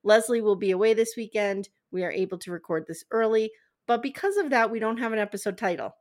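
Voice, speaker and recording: A woman hosts a casual podcast and recaps a TV show in a chatty, animated way. She sounds gossipy and lively, with a voice of average pitch. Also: fast talker. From eastern United States. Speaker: podcast host.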